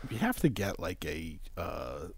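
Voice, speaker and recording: Lively low-voiced man, dry sound. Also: measured pace, vocal fry, no echo. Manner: laughs often, loose. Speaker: podcast co-host. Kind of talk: casual chat.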